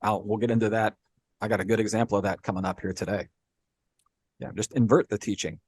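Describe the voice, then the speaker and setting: A man co-hosting a podcast, explaining history in a relaxed, conversational way and checking in with "right?" often. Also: fairly low pitch, fast, breathy edge, no echo. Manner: explains with frequent "right?" and "you know". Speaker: podcast co-host. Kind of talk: casual explanatory chat.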